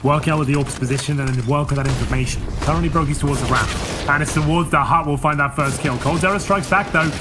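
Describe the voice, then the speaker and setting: A man doing fast play-by-play esports commentary, his voice lifting on big plays. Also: on the high side, over music. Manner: energetic, rising on big plays. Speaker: esports caster.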